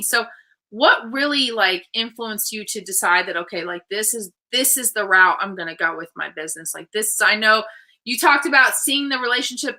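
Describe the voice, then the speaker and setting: A woman's voice: medium pitch, rough recording. A woman hosting an interview show, chatting casually and acting out the voices of people in her stories. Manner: animated storytelling, acts out quoted voices. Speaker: host.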